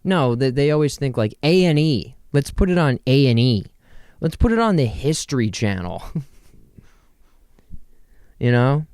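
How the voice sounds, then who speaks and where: A young man hosting a casual solo podcast from his bedroom, rambling and joking with quick asides to himself. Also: medium pitch, very animated, darkish tone, smooth, dry recording, clean studio sound. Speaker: podcast host.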